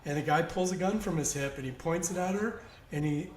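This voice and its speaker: Animated man telling a story in an echoey room. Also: on the high side, brisk. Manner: animated anecdote-teller who laughs along. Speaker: podcast guest. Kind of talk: casual storytelling.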